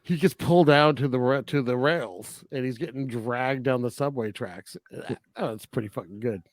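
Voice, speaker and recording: A man co-hosting a podcast, chatting casually about a film and acting out its scenes in quick asides. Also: mid-range voice, no room sound. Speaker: podcast co-host. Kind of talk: casual film review chat.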